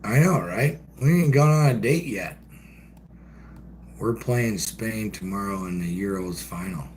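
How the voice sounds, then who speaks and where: A man's voice: on the low side, a little slow, a little mellow, a little hiss or hum. A man hosting a casual livestream, ranting in a profane, folksy way and reacting to chat from an outdoor shed with the door open. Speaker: livestream host reading chat.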